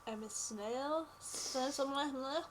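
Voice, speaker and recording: A woman's voice: high voice, unhurried, slight background noise. A young woman in casual chat, joking and laughing while trying animal noises with a friend. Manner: laughing, silly, teasing. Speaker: vlog co-host.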